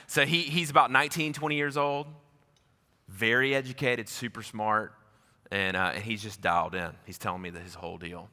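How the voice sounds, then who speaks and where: A man preaching a sermon as pastor, telling a story in casual slang and swinging between loud bursts and hushed moments. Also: mid-range voice, normal speed. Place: large church auditorium. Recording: reverberant church hall.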